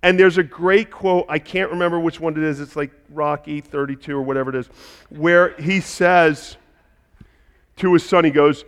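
A man preaching a sermon as a pastor, impassioned and building to loud, emphatic delivery. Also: a little high, steady tone, normal speed, clean tone, long reverb tail.

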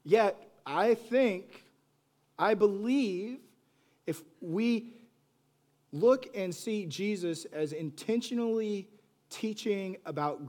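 A man preaching a sermon, moving between hushed, soft lines and loud, animated bursts, and acting out pleading voices. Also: sits high. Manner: acts out quoted voices with pleading repetition. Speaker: pastor.

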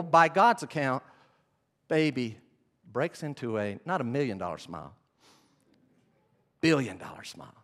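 A man preaching a sermon, telling the story with animated swings between hushed and loud. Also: mid-range voice, a little slow, pauses often. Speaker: pastor. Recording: long hall reverb.

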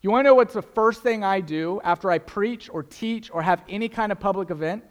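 Earnest young preacher in a reverberant hall. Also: male voice, high-pitched, brisk. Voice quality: earnest, emphatic, repeats key phrases for effect. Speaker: pastor. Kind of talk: sermon.

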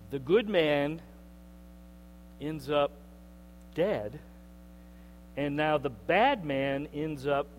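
A man preaching a sermon in an animated way, acting out the voices of the people he quotes. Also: fairly high pitch. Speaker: pastor. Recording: long hall reverb, mains hum.

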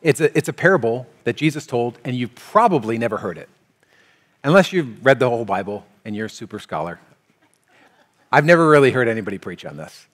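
A man preaching a sermon as pastor, talking in a conversational, animated way. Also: medium pitch, brisk. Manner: conversational, animated, shifts into quoted voices. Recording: long hall reverb, faint music.

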